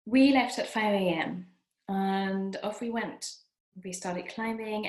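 A woman giving an earnest motivational self-help talk, repeating lines for emphasis. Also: mid-range voice. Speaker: motivational speaker. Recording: echoey room.

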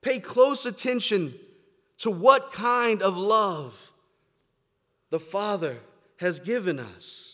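A man preaching a sermon, moving between quiet, reflective stretches and loud, emphatic declarations. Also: high-pitched, lively intonation, slow, pauses often, in a large hall. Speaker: pastor. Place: church sanctuary, standing before a congregation.

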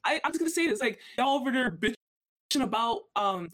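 A woman's voice: a little high, expressive, brisk, a bit bright. A woman co-hosting a podcast, ranting heatedly and swearing a lot in casual chat. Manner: heated, profane, emphatic ranting. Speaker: podcast co-host.

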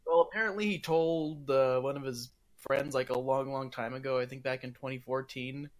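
A man's voice: medium pitch, steady tone, normal speed. A man chatting casually online, making dry, matter-of-fact remarks. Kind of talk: casual online group chat.

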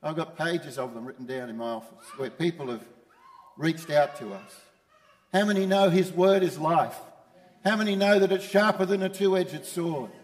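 A man's voice: a little high, moderate pace, big-room sound. A man preaching a sermon as pastor, emphatic and repeating his key phrases. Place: church.

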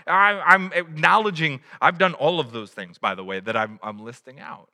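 A man's voice: high voice, animated, a little fast, hardly any pauses, sharp tone, big-room sound. A man preaching a sermon in a conversational way, a father who acts out little quotes. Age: adult, has a child. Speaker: pastor.

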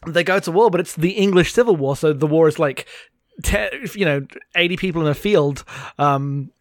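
A man's voice: on the high side, moderate pace, no room sound, studio quality. A man co-hosting a podcast in casual chat, rambling and laughing often while recounting films over a remote call. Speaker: podcast co-host. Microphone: remote call mic.

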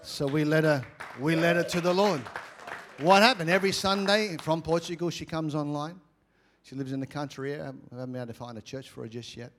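A man with an Australian accent, a pastor preaching a lively, humorous sermon with frequent asides to the congregation. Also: on the high side, brisk, a little hiss or hum.

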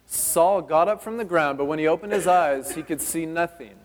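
A male pastor from California reads Scripture and preaches at a quick clip, breaking off into chatty asides along the way. His voice sits a little higher than most men's. It carries a long hall reverb, as if the sermon was recorded in a large church sanctuary. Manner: fast-talking, conversational asides while reading.

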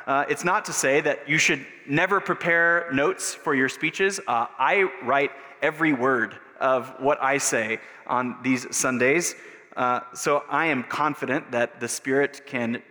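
A pastor preaching a sermon in a relaxed, conversational way, with frequent fillers. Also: male voice, medium pitch. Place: church sanctuary. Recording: long reverb of a church hall.

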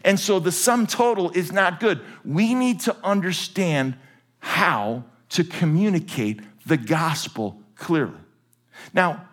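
A man preaching a sermon to a church congregation, animated and jokey. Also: sits high. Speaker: pastor. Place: large church with balcony.

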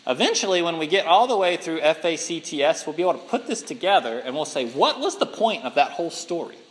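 A man teaching a Bible class in an animated way, laughing often and acting out the people he quotes. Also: a little high, quick pace. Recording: long hall reverb.

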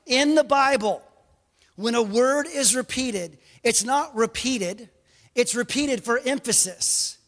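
A man preaching a sermon as pastor, animated, with joking asides and bursts of raised emphasis. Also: very high-pitched, slow pace, big-room sound.

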